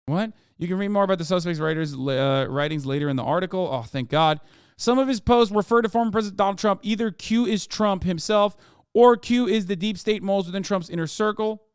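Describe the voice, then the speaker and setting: A man's voice: high voice, brisk, smooth, no room sound, studio quality. A man streaming, reacting to news and reading articles aloud, ranting and swearing between passages. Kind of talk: profane political commentary and article reading.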